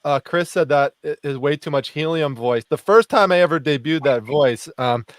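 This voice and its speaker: A man hosting a livestream, chatting casually with plenty of laughs. His voice sits a little high, and the sound is dry and close. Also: moderate pace, dry recording. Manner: jokey, laughs often. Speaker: livestream host. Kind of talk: casual chat.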